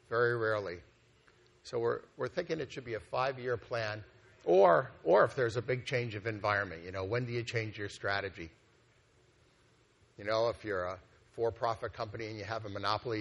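Male executive at a conference, slightly low pitch, relaxed talk full of fillers and restarts. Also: gravelly. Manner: conversational, with frequent fillers and restarts. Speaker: organization executive presenting a plan. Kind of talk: conference presentation. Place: meeting hall at a conference.

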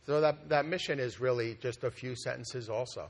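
At a conference meeting hall, a man pitches a plan as an organization executive. His medium-pitched voice moves at normal speed, and his delivery is casual and loose, peppered with fillers and restarts.

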